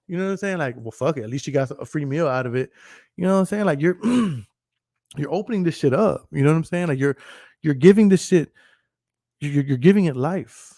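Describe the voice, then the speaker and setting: A man's voice: a little high, lively intonation, a little fast, mellow, dry recording, studio quality. A man hosting a podcast, ranting casually and profanely, rambling and laughing often as he talks. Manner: profane, rambling, laughs often, repeats "you know what I'm saying". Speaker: podcast host.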